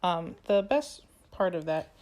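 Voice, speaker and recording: A young woman chatting casually on a podcast, retelling a musical's plot with lively quoted lines. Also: lowish voice, measured pace. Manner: animated storytelling, acts out quoted lines. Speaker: podcast co-host. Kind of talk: casual chat recapping a musical.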